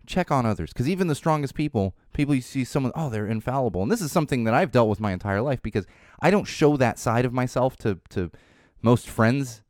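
A podcast host talks alone in a casual, rambling manner, his mid-range voice brisk, a little mellow and lively in intonation. He has a wry tone and often restarts sentences, repeating words as he does. The studio sound is clean, with no echo.

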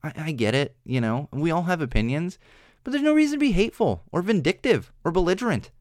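A man's voice: a little high, sing-song, fast talker, a little mellow, dry recording, studio quality. A young man hosting a solo podcast, rambling with many restarts, earnest and exasperated. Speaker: podcast host. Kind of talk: solo opinion monologue. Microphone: studio microphone.

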